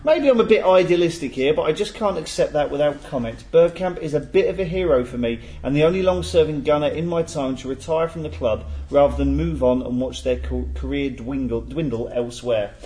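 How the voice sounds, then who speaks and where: A man's voice: fairly high pitch, a little fast, hardly any pauses, warm tone. A man hosting a casual football podcast panel, reading out listener emails with jokes and stumbles. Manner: jokey, stumbles and laughs while reading. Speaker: podcast host.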